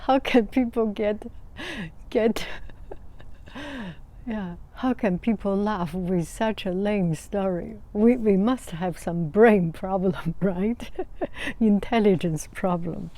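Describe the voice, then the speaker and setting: A woman from China speaks English, telling a casual personal story. She is an art teacher who talks at an unhurried, drawn-out pace in a soft, warm, mellow voice. She often halts mid-phrase to find the right word and slips into quiet laughter. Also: mid-range voice. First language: Mandarin Chinese. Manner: halting, searching for words, breaks into soft laughter.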